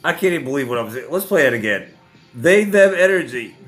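A man's voice: mid-range voice, expressive, a little fast, over music. A man hosting reaction commentary, ranting with heavy profanity and frequent laughter. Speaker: host.

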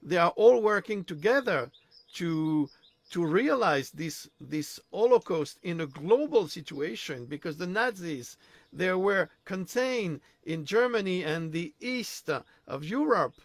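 A man's voice: high voice, animated, measured pace, no echo. A man speaking as a panelist, repeating himself and searching for words. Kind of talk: discussion monologue.

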